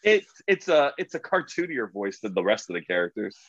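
A man's voice: lowish voice, very animated, a bit bright, no room sound, dull audio. A man chatting casually about a comic series, filling his speech with 'like'. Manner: quick, chatty, hedging with 'like'. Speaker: podcast co-host. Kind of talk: casual comic book discussion.

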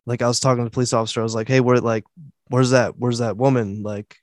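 A man's voice: medium pitch, steady tone, quick pace, dry recording, studio quality. Casual man telling a story on a podcast. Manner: casual, many fillers and restarts, quotes voices. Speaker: podcast host.

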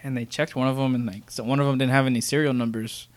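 A man's voice: mid-range voice, steady tone, quick pace. A man chatting casually as a podcast guest, laid-back and blunt, swearing offhandedly. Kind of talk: casual chat.

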